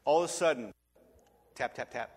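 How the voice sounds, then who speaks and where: Animated preacher in his forties, echoey hall. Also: medium pitch, normal speed, slightly rough. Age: 40s. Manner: animated, humorous storytelling with acted-out voices. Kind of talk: storytelling sermon.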